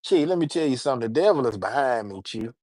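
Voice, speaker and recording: A man's voice: medium pitch, animated, fast talker, darkish tone, no echo. A man hosts a casual livestream and drifts from topic to topic. He stumbles over repeated words and keeps talking to his viewers. The room sounds dry and close. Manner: loose, rambling, talks to his chat, repeats words. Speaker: livestream host.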